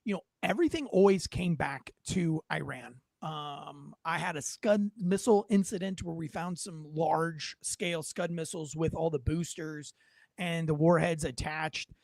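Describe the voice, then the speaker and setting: Gravelly high-voiced joking man. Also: steady tone, moderate pace, darkish tone, dry recording. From United States. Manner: joking, rambling, self-deprecating. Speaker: podcast host. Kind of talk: casual chat.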